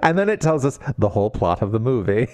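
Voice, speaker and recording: A man's voice: mid-range voice, big pitch swings, fast talker, a little mellow. A man co-hosting a podcast, trading wry, teasing quips in casual chat. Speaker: podcast co-host.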